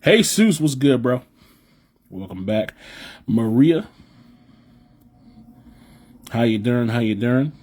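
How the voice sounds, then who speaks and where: Here a young man from the US Midwest runs a live podcast, going through viewer chat in a casual, foul-mouthed, repetitive ramble. He speaks slowly with frequent pauses, his medium-pitched voice expressive yet darkish, with a faint hiss or hum behind it.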